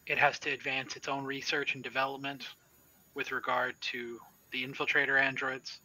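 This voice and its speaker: A man voicing a captive Minotaur creature in a tabletop game, speaking in measured, solemn pronouncements. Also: mid-range voice, level tone, sharp tone, rough recording. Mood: ominous. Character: captive male Minotaur-like creature, calm and ominous. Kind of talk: tabletop role-play voicing.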